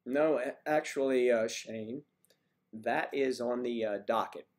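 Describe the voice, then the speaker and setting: A man's voice: medium pitch, a little slow, a little mellow. A man hosting a livestream, chatting casually and rambling as he answers viewer comments. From United States. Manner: rambling, chatty, wandering between topics. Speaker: livestream host.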